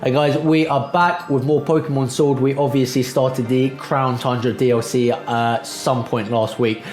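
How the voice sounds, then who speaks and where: A man's voice: mid-range voice, little pitch movement, unhurried, a little mellow, reverberant, faint music behind. A man hosting a let's play video, chatty and jokey, talking to his viewers with plenty of filler words. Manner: chatty, jokey, uses "guys" and "um". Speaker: gaming channel host.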